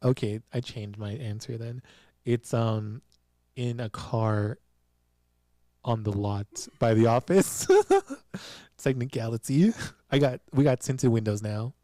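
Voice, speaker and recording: A man hosting a podcast, recapping a TV drama in a casual, animated way and laughing often as he talks. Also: mid-range voice, slow, long pauses, dry recording, clean studio sound. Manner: giggly, animated storytelling with frequent laughs. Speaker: podcast host. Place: small studio with a producer present.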